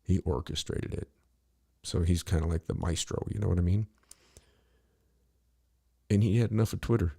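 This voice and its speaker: A low, gravelly middle-aged man talks loosely on a podcast. His voice is dark and a little husky, and he swears freely while circling around his point with constant "you know"s. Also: normal speed, pauses often. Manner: rambling, blunt and profane, full of "you know". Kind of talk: casual podcast conversation.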